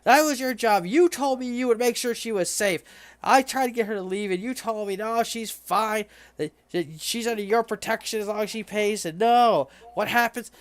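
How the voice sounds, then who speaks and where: A skinny, scrawny man in grief who quickly turns on people, played by a man who lifts his voice a little. He stammers, repeats himself and accuses, and the recording is dry and close. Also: a little high, clean tone, no echo, close to an everyday voice. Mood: angry.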